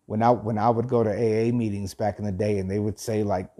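A man with a lowish, warm, relaxed and mellow voice talks fast as he reads a passage aloud, then shifts into earnest motivational talk, circling back to repeat his phrases. He hosts a thirty-day motivational journey.

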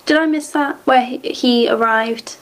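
A woman, casually commenting on a TV episode as she watches, sarcastic and quick to swear and laugh. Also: fairly high pitch. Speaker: TV episode reactor.

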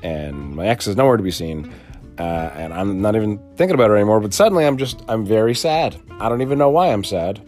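A young man casually telling a vlog story in a rambling, profane, animated way. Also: fairly low pitch, fast talker, faint music behind. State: sleepy, just woke up. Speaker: vlogger.

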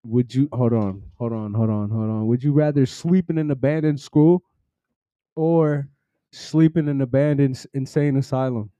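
A young man co-hosting a podcast, talking in a profane, slangy, excitable way. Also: mid-range voice, normal speed, no echo. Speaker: podcast co-host. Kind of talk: casual chat. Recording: dull, muffled lo-fi sound.

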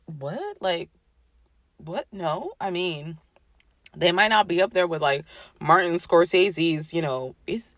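A woman's voice: on the low side, very animated, a little slow, no room sound. A woman hosting a podcast, ranting casually with profanity and sarcasm, often mock-quoting other people. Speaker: podcast host.

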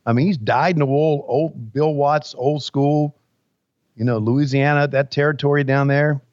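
A man's voice: on the high side, steady tone, normal speed, darkish tone, dry recording. A man co-hosting a casual podcast, laid-back and rambling, calling people buddy. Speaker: podcast co-host. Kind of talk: casual chat. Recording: dull dry sound.

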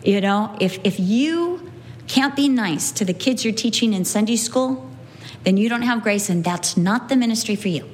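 A woman's voice: on the high side, slight background noise. A woman giving an earnest Bible teaching, repeating key phrases for emphasis and acting out quoted lines.

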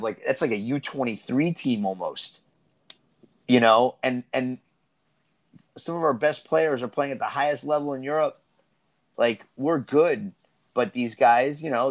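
A man hosting a casual podcast discussion about youth soccer, talking in an animated, rambling way with many restarts. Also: medium pitch. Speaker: soccer coach and podcast host.

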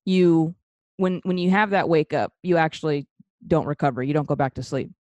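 Low-voiced woman joking as the skeptic. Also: normal speed, a little mellow, dry recording. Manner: joking, interrupting skeptic who swears freely. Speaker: podcast co-host and skeptic. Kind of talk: casual banter.

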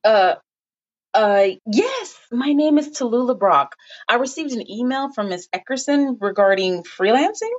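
A woman's voice: fairly high pitch, sing-song, measured pace. A woman voicing a polite young reporter. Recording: dull lo-fi recording.

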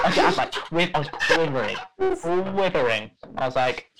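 A man co-hosting a casual podcast chat, recounting an awkward night abroad with lively energy. His voice sits slightly high, and he breaks into laughter and mimicry as he goes. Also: fairly quick, low-quality recording. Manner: animated, laughing, acts out quoted voices. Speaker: podcast co-host.

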